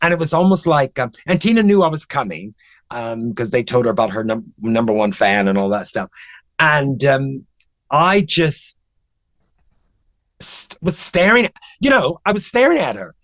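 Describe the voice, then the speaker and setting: A man's voice: on the high side, animated, normal speed, fairly bright tone, no room sound, poor audio. Chatty older man telling stories. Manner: chatty, rambling, with many restarts and ums. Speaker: interview guest. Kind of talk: animated anecdotal storytelling.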